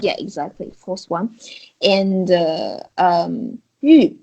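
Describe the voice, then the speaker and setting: A woman's voice: mid-range voice, unhurried, a little mellow, dull audio. A woman with a Chinese accent teaching a beginner Chinese tones in an online lesson, explaining patiently step by step. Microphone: video call.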